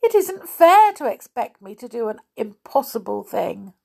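Tearful young girl in a fairy tale, high pleading voice , read by a woman. Breathy tone. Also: very animated, measured pace, a little mellow, exaggerated voice. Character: frightened young miller's daughter.

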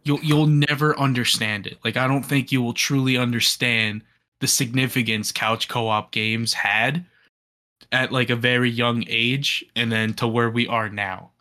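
A man's voice: medium pitch, steady tone, a little slow, pushed and bright. A man in his late twenties chatting casually on a podcast, enthusiastic and full of fillers and restarts. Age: 20s. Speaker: podcast co-host. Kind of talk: casual chat.

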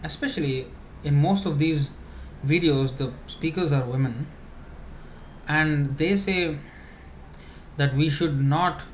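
A man giving a conversational spiritual talk, answering questions with many fillers and restarts, now and then laughing softly. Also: fairly high pitch, takes it slowly, slight background noise.

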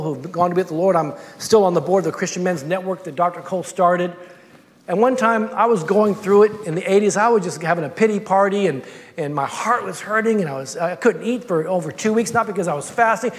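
A man's voice: high voice, long reverb tail. A man preaching a sermon, telling a personal story with many repeated words and restarts.

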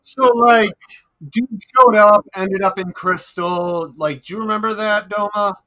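Slow, bright-voiced man at a game table. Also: high voice. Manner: halting, filler-heavy. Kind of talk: casual actual-play chat.

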